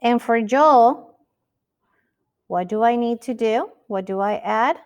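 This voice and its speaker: A woman's voice: on the high side, slow. A woman teaching a Spanish lesson, speaking patiently and asking the listener rhetorical questions. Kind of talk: recorded classroom lesson.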